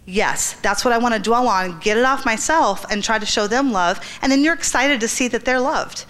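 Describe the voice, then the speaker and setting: A woman's voice: a little high, normal speed, a bit bright. A middle-aged woman giving an earnest church talk to women, telling stories and acting out the quotes. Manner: earnest, storytelling, acts out quotes. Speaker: women's ministry speaker.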